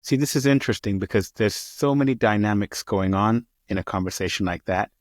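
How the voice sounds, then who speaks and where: A man hosting a podcast interview, listening closely and speaking in a steady, thoughtful way. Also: fairly low pitch, brisk, dry recording, studio quality. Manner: attentive, steady, backchannels often. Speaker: podcast host.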